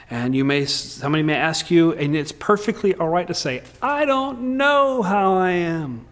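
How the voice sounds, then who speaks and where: A male pastor preaching a sermon in a candid, humorous way with lively swings in delivery. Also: on the high side.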